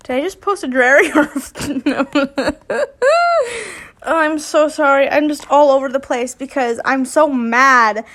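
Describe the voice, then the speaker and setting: A woman's voice: high-pitched, fairly bright tone. A woman chatting casually and reading fanfiction aloud as a channel host, rambling and often stumbling and restarting mid-sentence.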